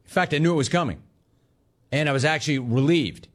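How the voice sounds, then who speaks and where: A man's voice: on the high side, a little fast. Joking male sports talk host. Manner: animated, riffing and joking on viewer comments. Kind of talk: casual chat reading listener messages.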